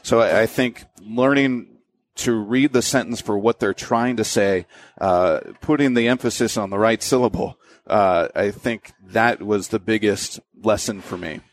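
A young adult man, a sports broadcaster and voiceover announcer, talks through his career in a relaxed way, with many fillers and restarts. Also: lowish voice, a little slow. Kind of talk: conversational interview.

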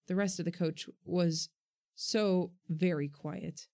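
A woman calmly reading first-person fiction as an audiobook narrator. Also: fairly low pitch, slow pace.

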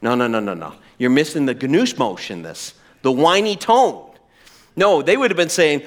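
A man preaching a sermon as pastor, animated and playful, sometimes acting out whiny voices. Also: medium pitch, moderate pace.

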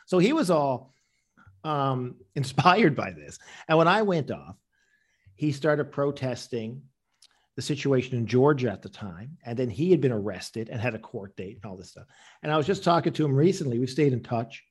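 A man's voice: mid-range voice, sing-song, moderate pace, slightly rough. A man answering interview questions with rambling anecdotes, acting out the people he quotes. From Canada. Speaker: interview guest, comedian.

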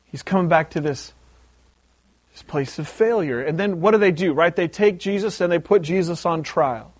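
High-voiced pastor preaching with animation. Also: male voice, normal speed, no echo. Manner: animated storytelling, repeats words for emphasis. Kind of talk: sermon.

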